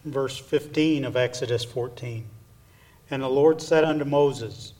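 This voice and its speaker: Picked up from some distance from the mic, a pastor with a mid-range voice delivers a sermon at an unhurried pace. He speaks earnestly, occasionally dropping into a hushed aside.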